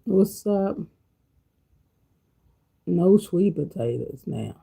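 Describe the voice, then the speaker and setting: Slow, folksy woman in a kitchen. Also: fairly low pitch, creaky, slightly rough, low-quality recording. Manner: relaxed, folksy, talks to herself and greets viewers. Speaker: cooking channel host. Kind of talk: casual cooking vlog chat. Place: home kitchen.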